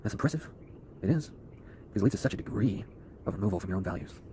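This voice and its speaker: A man ranting fast to camera in an intense, swearing, preachy way. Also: on the low side, lively intonation, background noise. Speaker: online video creator.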